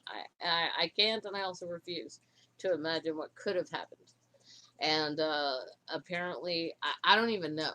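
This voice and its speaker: A woman co-hosting a livestream, talking in a halting, emotional way with many restarts. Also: low voice, bright, forceful tone. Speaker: livestream co-host. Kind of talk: casual livestream chat.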